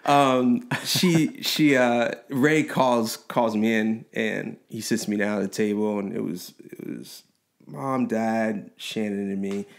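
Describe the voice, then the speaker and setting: A man's voice: lowish voice, slow, gravelly. A man on a podcast telling his own life story with feeling, laughing often and acting out what people said. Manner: animated, laughing, quotes people in voices. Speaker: podcast guest. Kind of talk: personal storytelling.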